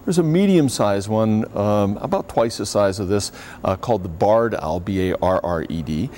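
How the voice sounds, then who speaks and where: A man with a low voice who is a wildlife expert being interviewed. He speaks haltingly, filling gaps with "uh" as he explains. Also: lively intonation, a little mellow, a little hiss or hum. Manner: halting, lots of "uh". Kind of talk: interview answers.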